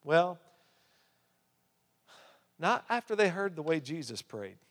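A male preacher delivers a sermon in a fairly high voice. He swings between emphatic, rising passages and hushed drops. His voice carries a long reverb, as in a large church hall. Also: big pitch swings, slow pace. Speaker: pastor.

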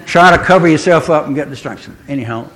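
A man's voice: a little high, quick pace, a bit bright. An older man giving a sermon, telling stories in a chatty way and asking his listeners questions. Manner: chatty storytelling, asks the congregation questions. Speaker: preacher.

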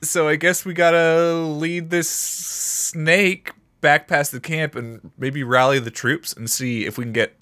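A man's voice: on the high side, steady tone, unhurried, hardly any pauses, bright, forceful tone, dry recording, clean studio sound. A man playing a tabletop role-playing game, talking in a swaggering, profane, laughing way. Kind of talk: in-character role-play, casual.

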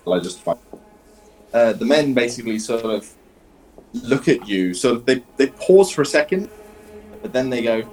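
A man's voice: mid-range voice, expressive, normal speed, pauses often, a little mellow, faint music behind, rough recording. A man narrating as game master, rambling with lots of fillers and restarts.

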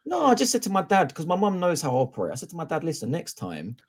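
A podcast co-host with a fairly high, husky voice talks fast while spinning a long story in casual chat. He's animated, acts out both sides of the dialogue, and swears freely.

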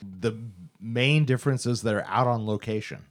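A man in a casual podcast chat, speaking in a measured, matter-of-fact way. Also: medium pitch. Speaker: podcast co-host.

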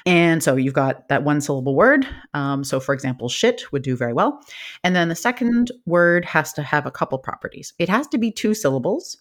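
An academic guest talks through a research topic with an enthusiastic, laughing manner, often jumping up in pitch. The voice sits at a middling pitch and sounds like easygoing podcast chat. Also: sing-song, a little fast, fairly bright tone. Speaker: linguist guest. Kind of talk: animated academic podcast interview.

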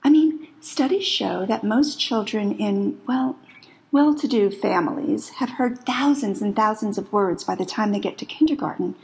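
A woman voicing an earnest female schoolteacher who lectures softly and apologetically. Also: mid-range voice, moderate pace, close to an everyday voice, rough recording.

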